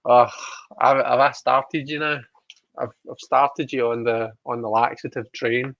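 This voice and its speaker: A man's voice: mid-range voice, little pitch movement, unhurried, a bit bright, lo-fi sound, slight background noise. A man hosting a livestream, chatting casually, reading out viewer comments with giggly, self-deprecating asides. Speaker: livestream host reading tarot.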